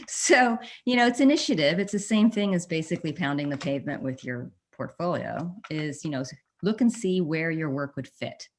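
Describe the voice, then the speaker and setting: A woman editorial cartoonist speaking on a panel, animated and quick to laugh. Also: on the low side. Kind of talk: panel discussion.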